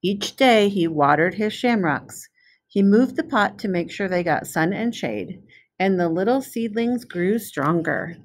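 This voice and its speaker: A woman who specializes in preschool education reads a picture book aloud to young children, telling the story slowly and clearly. Her voice is mid-range and animated.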